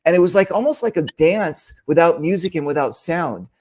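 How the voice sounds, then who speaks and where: A male host leads a relaxed interview chat, drifting through fillers and side remarks. His voice sits somewhat higher than most men's. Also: brisk, slight background noise. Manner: loose, lots of fillers.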